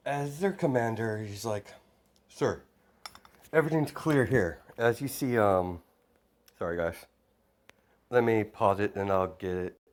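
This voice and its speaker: A man's voice: on the low side, measured pace, long pauses. A man casually retelling a fan-made story, rambling with many fillers and restarts. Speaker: narrator.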